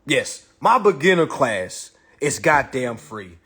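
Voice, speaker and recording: A man's voice: medium pitch, sing-song, slow pace, a bit bright, husky. A man hosting a casual phone livestream, talking in a boastful, repetitive, profane way. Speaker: livestream host.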